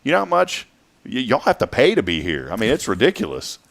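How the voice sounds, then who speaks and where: A man's voice: mid-range voice, wildly swooping pitch, fairly quick, vocal fry, fairly bright tone. A man hosting a morning show, joking and riffing through a news roundup. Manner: jokey, playful, riffs on the news. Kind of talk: casual chat and news roundup.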